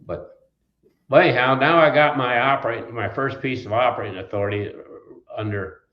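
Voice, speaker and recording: A man's voice: medium pitch, fairly quick, reverberant, muffled recording. An older man from Wisconsin, a trucking company founder, telling rambling, folksy stories in an interview. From Wisconsin, USA. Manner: folksy, rambling anecdotes with restarts. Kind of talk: storytelling in an interview.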